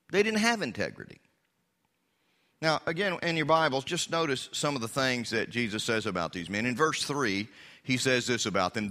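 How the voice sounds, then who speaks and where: A man preaching a sermon as pastor, swinging from loud emphasis to hushed asides. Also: mid-range voice, long reverb tail.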